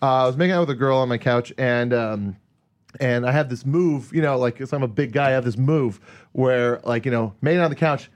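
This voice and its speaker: A man's voice: medium pitch, brisk. Man rambling through a funny story. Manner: laughing, rambling anecdotes with acted-out quotes. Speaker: podcast co-host. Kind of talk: casual chat, storytelling.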